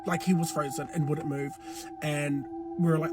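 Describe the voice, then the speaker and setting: A man's voice: on the high side, fairly even intonation, a little fast. Young man telling a casual storytime. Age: 20s. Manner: loose, swearing, lots of fillers. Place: dark room. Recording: loud background music. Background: music.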